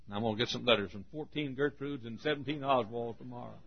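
Older male preacher, husky folksy sermon delivery, muffled old tape sound. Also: mid-range voice, quick pace. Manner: folksy, laughing, shouting for emphasis.

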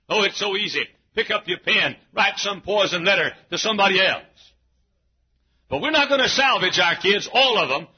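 A man preaching an emphatic sermon in a church, often shouting. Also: sits high. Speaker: pastor. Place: church sanctuary. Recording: dull, husky lo-fi church recording.

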